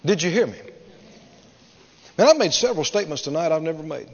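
A man preaching a sermon emphatically, repeating phrases and swinging from loud to hushed. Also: on the high side, animated, fast talker. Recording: dull sound, long hall reverb.

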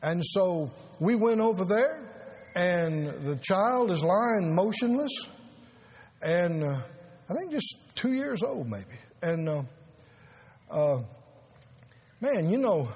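A man preaching a sermon as pastor, earnest and halting, repeating words and rising to emphasis. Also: high voice, sing-song, darkish tone.

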